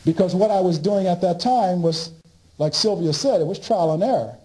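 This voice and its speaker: A speaker and author with a high-pitched male voice gives a storytelling talk at normal speed, captured in a low-quality recording. He's animated, acting out his conversations with doctors and restarting his sentences.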